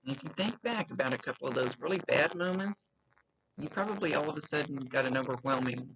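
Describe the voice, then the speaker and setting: A woman with a rumbling, low, gravelly voice and a fairly bright tone speaks with a slight lisp. She's a psychic medium giving a client an earnest, reassuring spoken reading, repeating key phrases. The recording is dull and lo-fi.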